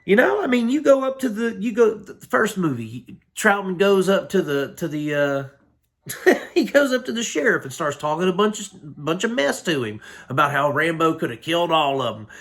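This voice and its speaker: A man's voice: on the high side, big pitch swings, moderate pace, fairly bright tone. A man recapping a film in a casual, rambling, slangy way, full of fillers. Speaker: film reviewer.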